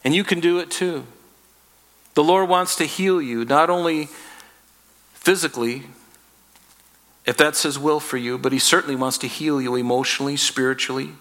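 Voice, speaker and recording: A man delivers a sermon with a bright, forceful voice that sits slightly high for a man. He tells Bible stories in a conversational, animated way, mixing scripture with casual asides. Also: a little slow, long pauses. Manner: animated storytelling, acting out biblical characters in casual speech. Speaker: pastor.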